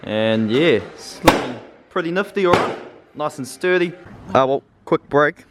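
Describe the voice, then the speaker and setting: Slow, laid-back Kiwi man. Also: fairly high pitch, expressive, very noisy. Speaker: vlog narrator. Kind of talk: casual vlog commentary.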